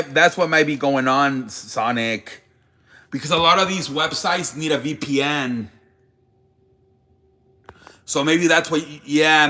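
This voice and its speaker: Bright-voiced man ranting on a sports stream. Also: on the high side. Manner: rambling, profane, talks to chat viewers. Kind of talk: casual live-stream sports chat.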